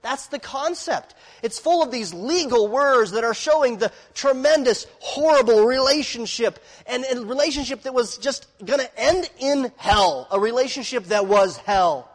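A man preaching a sermon, dramatic and expressive, dropping to quiet asides and then rising to loud, emphatic declarations. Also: very high-pitched, moderate pace, few pauses, in a large hall. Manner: dramatic, swings from quiet to shouting.

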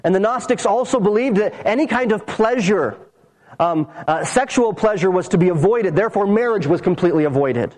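A pastor preaching a sermon and explaining a verse, earnestly teaching and slowing down to stress key phrases. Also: male voice, high voice, animated, a little mellow, rough recording.

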